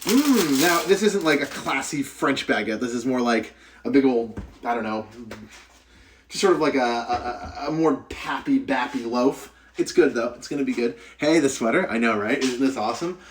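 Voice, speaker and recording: A man's voice: mid-range voice, normal speed, a little hiss or hum. A young man streaming live from his home kitchen, cooking, chatting and joking as he greets viewers by name. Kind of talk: casual live-stream chat.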